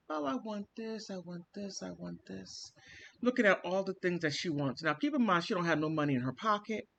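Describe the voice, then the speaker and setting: A man vlogging, telling a family story in an animated, theatrical way and acting out the quotes. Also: fairly high pitch, a little hiss or hum. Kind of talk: casual storytelling monologue.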